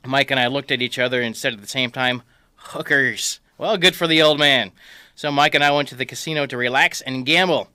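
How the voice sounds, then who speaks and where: A man reads out a comic tale from his own life with a wry, deadpan delivery. His voice is bright and sharp at a middle pitch. The sound is close and dry. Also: quick pace, clean tone, no room sound. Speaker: storyteller. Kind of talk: reading a comic personal story.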